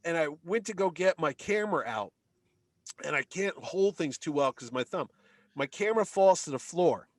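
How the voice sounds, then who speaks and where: A middle-aged man from Connecticut spins a casual story as a podcast guest, slipping into the voices of the people he describes. His voice sits a little higher than most men's. The recording is close and dry, with no room sound. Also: normal speed, no echo. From Connecticut, United States. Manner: animated anecdote-teller who acts out the other people in his stories.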